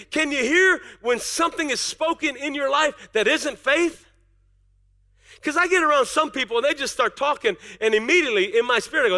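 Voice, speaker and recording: A man's voice: extremely high pitch, pushed and bright. A male pastor preaching a sermon in a conversational way, acting out little dialogues and often restarting words. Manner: repeats words in quick restarts.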